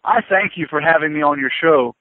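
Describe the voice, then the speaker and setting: A police chief speaks earnestly, his feeling rising as he talks as a radio guest. His man's voice sits a little high. The sound is tinny and dry, like a phone line. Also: a little fast, dry recording. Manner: earnest, emotional, impassioned.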